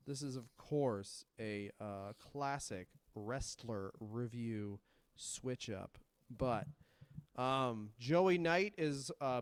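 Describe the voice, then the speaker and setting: Profane rambling man, smooth dry voice. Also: mid-range voice, a little mellow, no echo. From Canada. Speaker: podcast co-host. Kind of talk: casual comedic chat.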